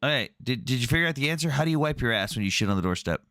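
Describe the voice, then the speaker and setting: A man's voice: mid-range voice, animated, rapid-fire, a bit bright. A man hosting a casual online debate, talking bluntly and sarcastically with frequent swearing. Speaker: debate host.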